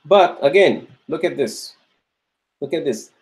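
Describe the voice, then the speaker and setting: A male teacher slowly working through grammar exercises in class, repeating each answer and checking in with the students. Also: a little high, animated, a little mellow, low-quality recording. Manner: slow and repetitive, restates each answer; checks in with "okay?" and "right?".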